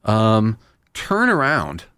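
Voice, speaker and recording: A man's voice: fairly low pitch, huge pitch swings, very slow, bright, forceful tone, clear, resonant tone, dry recording. A man hosting a casual talk show, speaking in an earnest, rambling, self-deprecating way. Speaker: radio host. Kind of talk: casual chat.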